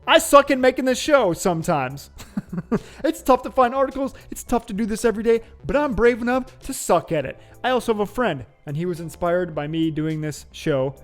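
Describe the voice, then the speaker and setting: A man's voice: high voice, lively intonation, fairly quick, soft background music. A man hosting his own show, chatting in a playful, joking, upbeat way. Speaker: host. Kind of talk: casual vlog commentary.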